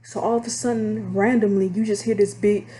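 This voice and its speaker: A young woman from Texas with a Texan accent, candidly telling stories about her call center job in a casual, animated, drawling way. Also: medium pitch, a little fast, a little hiss or hum. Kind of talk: casual storytime vlog.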